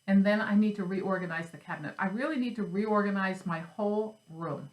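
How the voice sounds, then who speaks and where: A flosstube host chats at home about her cross stitch and craft supplies, her mid-range voice brisk. The audio is poor and roomy, and she's chatty, rambling, and jokes at her own expense.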